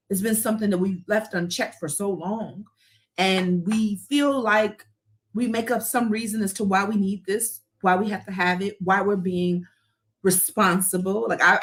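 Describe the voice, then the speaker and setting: Earnest woman giving a heartfelt live talk. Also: mid-range voice. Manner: earnest, encouraging, addresses listeners directly. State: emotional, close to tears. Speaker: podcast host.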